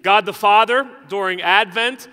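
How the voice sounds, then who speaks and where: A man's voice: sits high, a little slow, sharp tone, smooth, big-room sound. A male pastor preaching a sermon in a conversational, joking way, often checking in with the congregation. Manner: conversational and joking, with frequent "right?" asides.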